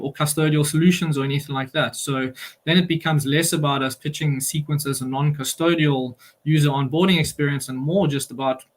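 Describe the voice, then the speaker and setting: A man on an online panel explaining his company's approach in a steady, explanatory way, with frequent fillers. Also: fairly high pitch.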